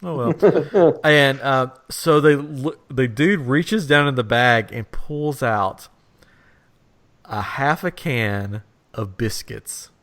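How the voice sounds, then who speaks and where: A man's voice: medium pitch, takes it slowly, a bit bright. A man hosting a podcast, telling a rambling funny story in a casual chat and laughing as he goes. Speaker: podcast host.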